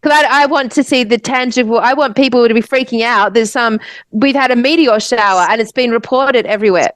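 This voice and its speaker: A woman's voice: on the high side, a little fast, no echo, poor audio. An Australian woman co-hosting a podcast, telling a story in a breathless, vivid way and swearing freely. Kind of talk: casual podcast chat.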